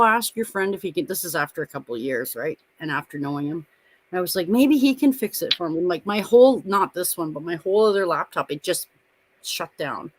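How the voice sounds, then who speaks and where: A middle-aged co-host of a live watch-party stream, in loose casual chat. The voice sits at an ordinary pitch, and the talk wanders through profane stories broken up by frequent laughter. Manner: rambling, profane storyteller who laughs often.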